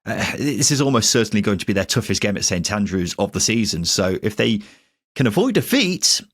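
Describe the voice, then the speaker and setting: A man co-hosting a casual football podcast, wry and quick to laugh. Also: medium pitch. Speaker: podcast co-host.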